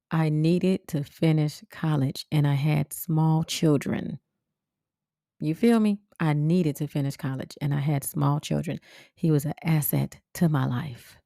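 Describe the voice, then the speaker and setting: A woman hosts her podcast in a blunt, swearing, animated way, leaping into sharp high exclamations. Her voice sits low and mellow with a gravelly fry. The recording is dry and close. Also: no echo. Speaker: podcast host. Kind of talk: casual storytelling monologue.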